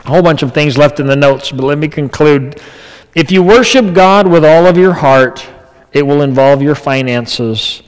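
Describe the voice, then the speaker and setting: A man preaches a sermon in a casual, conversational way, dropping into quiet asides and then building to emphatic, raised lines. His voice sits a bit high for a man. The sound carries a long reverb, like a large church hall. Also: moderate pace, smooth. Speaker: pastor.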